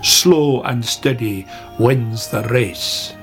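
A wise old badger delivers his lesson in a low, unhurried storybook voice, as the reader puts him on. Soft music plays faintly underneath. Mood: stern. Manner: slow, low and measured.

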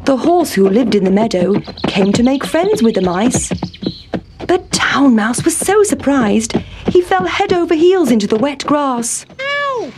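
A woman reading a children's story aloud in a calm, clear storytelling manner. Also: high voice, unhurried, noisy background.

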